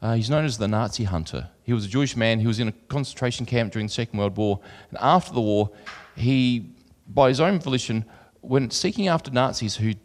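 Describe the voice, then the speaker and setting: This preacher's mid-range voice runs a little fast with few pauses. Scripture gets an earnest reading, while his asides turn chatty and filler-heavy, heard through long hall reverb.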